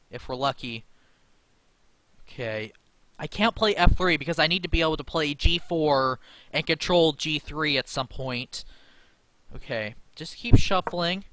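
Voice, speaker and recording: Young male chess streamer, slow nervous self-talk, bright dry close voice. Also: on the high side, dry recording. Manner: anxious, self-talking, laughs nervously. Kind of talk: live game commentary.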